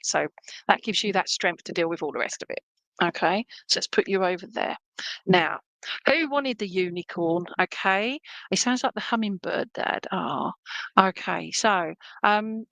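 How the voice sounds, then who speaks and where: Woman, live medium reading, chatty, rambling, lots of fillers, mid pitch, dry close sound. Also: no room sound, poor audio. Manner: warm, chatty, meandering, lots of fillers and "okay?". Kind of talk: live-stream reading, casual chat to viewers.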